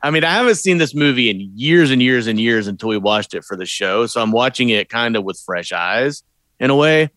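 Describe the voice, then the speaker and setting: A man's voice: medium pitch, expressive, a little fast, a bit bright, no room sound. A man in casual conversation, thinking aloud about a movie in a hesitant, thoughtful way. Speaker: podcast co-host.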